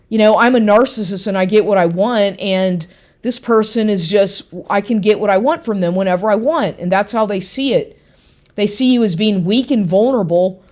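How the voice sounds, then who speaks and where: A woman from Texas telling a story about a lying ex in a casual rant, acting out both sides of the conversation and swearing often. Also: medium pitch. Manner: animated, quotes people, swears, repeats herself.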